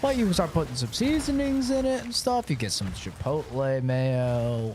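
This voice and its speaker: A man's voice: on the high side, animated, normal speed, darkish tone, slight background noise. A man streaming a game, chatting casually and swearing as he plays and rants. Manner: swears freely, rants animatedly. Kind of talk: casual gameplay commentary.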